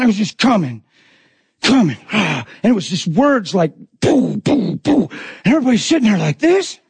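Male preacher, very high pitch, dry close sound; intense, talky sermon delivery. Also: slightly rough, no room sound. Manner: intense, conversational preaching with acted-out quotes.

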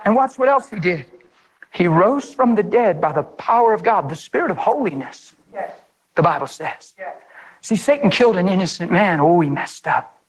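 A man preaching a fired-up sermon in a high, light voice. He leaps into shouted peaks and drops to low, quiet asides, laughing as he goes. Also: moderate pace, low-quality recording. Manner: excitable, shouting and laughing, swings between loud highs and low asides. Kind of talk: energetic sermon.

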